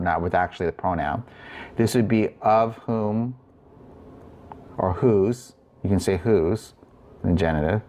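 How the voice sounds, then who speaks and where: A man with a lowish voice teaching a grammar lesson in a recorded lecture. He speaks unhurriedly and deliberately, pausing with fillers and restarting phrases as he works through each form. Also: a little mellow. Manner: slow, deliberate explaining with frequent fillers and restarts. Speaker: Greek instructor.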